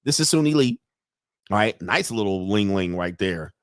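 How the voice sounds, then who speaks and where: A man's voice: on the low side, lively intonation, normal speed, no room sound, studio quality. Profane, laughing male podcast host. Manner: rambling, profane, laughs often. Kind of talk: casual live-streamed commentary. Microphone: computer mic and webcam.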